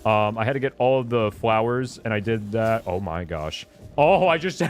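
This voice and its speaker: A young man talks over his gameplay in a loose, chatty way, his voice middle-pitched but swinging widely when he gets excited. He cuts himself off, laughs, and jumps into high squeals. Faint game music plays underneath. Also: normal speed. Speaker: streamer. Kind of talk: casual gameplay commentary.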